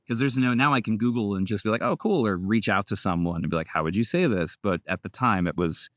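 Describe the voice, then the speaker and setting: A man in his thirties, a voice actor, chatting casually in an interview, relaxed and rambling, laughing often. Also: fairly low pitch, quick pace, no room sound. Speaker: voice actor guest.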